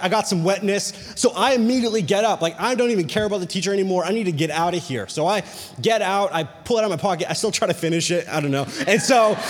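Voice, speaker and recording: High-voiced young man preaching in a hall. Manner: animated, chatty storytelling with many "like"s. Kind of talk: storytelling sermon.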